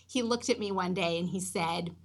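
A woman high school teacher telling an emotional personal story about a student. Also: moderate pace.

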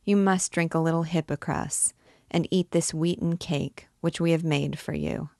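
A woman reading aloud voices a kind-hearted, insistent townswoman who talks in a gentle, coaxing way. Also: low-pitched, fairly even intonation, moderate pace, creaky, no room sound, studio quality.

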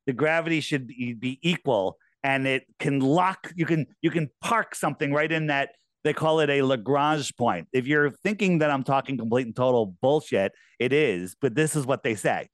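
Animated, mocking man on a video call. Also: on the high side, dry recording, studio quality. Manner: animated, mocking, laughs often. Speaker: guest. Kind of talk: casual podcast chat.

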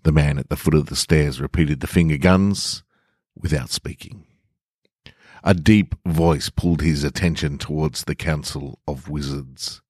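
Very deep, slow male storyteller. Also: steady tone, a little mellow, slightly rough, no echo, clean studio sound. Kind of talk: scripted narration.

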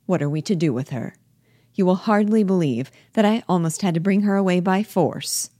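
Woman voicing a smug lecturing husband, low voice, dry close sound, read-aloud play. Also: moderate pace, mellow, no echo, close to an everyday voice. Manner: lecturing, pleased with himself. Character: self-satisfied husband, a man, fussy and patronizing.

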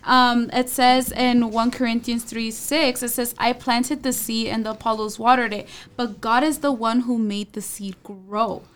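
A young woman reflecting in a casual church group discussion, quoting verses as she goes. Her voice is smooth and clear, set a little high. She speaks in a thoughtful, considered way. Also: steady tone, a little slow, hardly any pauses. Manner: thoughtful, reflective, quotes scripture. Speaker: church youth group member.

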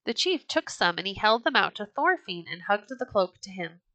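A woman reading a children's storybook aloud as a podcast storyteller, measured and expressive. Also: mid-range voice, no echo.

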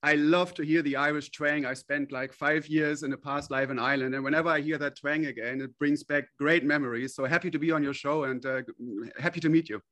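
A man's voice: on the high side, steady tone, fairly quick, hardly any pauses, a bit bright. A man being interviewed as a company CEO, answering earnestly with frequent hesitations and restarts.

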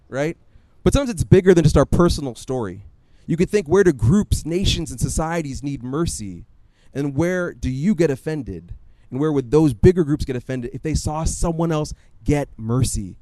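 Guy preaching, chatty and animated, tells stories, kinda high voice, no room echo. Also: brisk, few pauses. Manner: conversational, animated storytelling with quoted asides. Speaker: pastor. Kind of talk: sermon.

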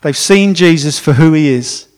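Guy preaching, storytelling sermon, slightly high voice, repeats words for emphasis. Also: moderate pace. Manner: storytelling, animated, repeats words when stressing them.

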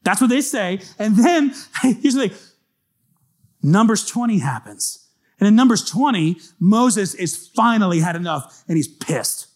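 Seorang pendeta pria berkhotbah dengan gaya bercerita yang santai dan hidup, suaranya agak tinggi untuk seorang pria. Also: male voice, sits high, unhurried. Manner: conversational, animated storytelling. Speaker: pastor. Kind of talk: sermon.

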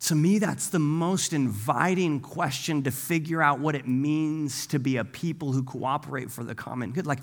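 A man giving a sermon in a casual, animated way, often breaking off with asides and acting out the people in the story. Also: on the high side, normal speed, creaky, hardly any pauses. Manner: casual, animated, acts out voices with asides and "right?". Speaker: pastor. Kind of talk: conversational sermon. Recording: long hall reverb.

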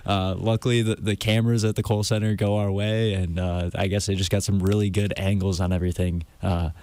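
A man's voice: low-pitched, flat delivery, brisk, darkish tone. A young man co-hosting a casual sports chat, hesitant and full of filler words. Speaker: co-host.

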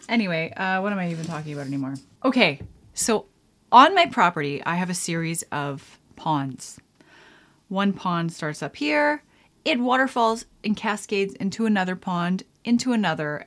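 A woman's voice: fairly low pitch, a bit bright. A chatty woman talking to her camera as she does her makeup. She rambles from topic to topic, laughing often and dropping into whispered asides. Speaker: vlogger. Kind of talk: casual chat while doing makeup.

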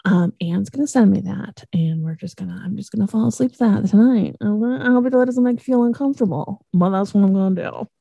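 A woman's voice: medium pitch, a little fast, creaky, hardly any pauses, mellow, slightly rough, no echo, lo-fi sound. A woman co-hosting a podcast in casual chat, giggly and effusive. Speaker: podcast co-host.

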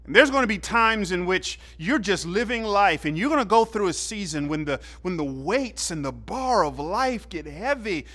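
A middle-aged preacher with a bright, forceful voice, speaking a little higher than most men. He tells stories with lively animation and breaks into sudden loud bursts for emphasis. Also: normal speed, hardly any pauses. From southern United States. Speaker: pastor. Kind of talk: sermon.

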